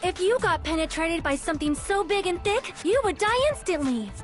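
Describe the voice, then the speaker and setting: An actress playing a poised, formal young princess in dubbed video game dialogue. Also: female voice, very high voice, animated, normal speed, over music. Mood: earnest. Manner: earnest and formal.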